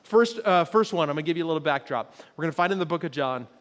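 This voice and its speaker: A man's voice: fairly high pitch, animated, very fast. A man preaching a conversational sermon in a church auditorium, joking with the congregation and acting out quoted voices. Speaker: pastor. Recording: long reverb of a large hall.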